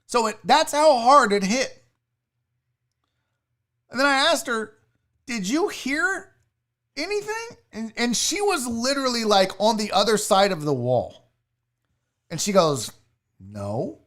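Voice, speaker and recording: A man's voice: high voice, animated, unhurried, pauses often, a bit bright. A man hosting a casual show, telling a personal story and swearing now and then. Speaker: sports show host.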